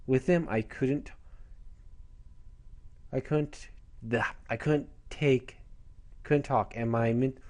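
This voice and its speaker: A man's voice: mid-range voice, steady tone, takes it slowly, pauses often, darkish tone, natural voice. A man voicing an earnest, bossy female talking cat who gives instructions.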